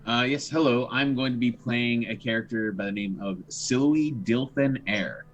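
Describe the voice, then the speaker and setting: A man's voice: medium pitch, normal speed, muffled recording, faint music behind. A man introducing himself as a player in a tabletop game, hesitant and self-deprecating. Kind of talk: casual live-stream chat.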